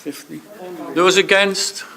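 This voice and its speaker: A man chairs a council meeting, calling the vote and reading out the count at a slow, measured pace. His voice sits a little high, picked up from a distant mic with the murmur of a crowded chamber around him. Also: fairly even intonation, gravelly, a crowd in the background. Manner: brisk procedural announcements.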